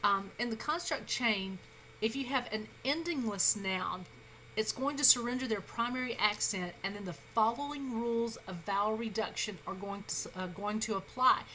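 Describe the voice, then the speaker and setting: A woman's voice: a little high, normal speed, sharp tone, slight background noise, poor audio. A woman instructor giving a recorded grammar lecture, patient and reassuring, with frequent fillers and small self-corrections.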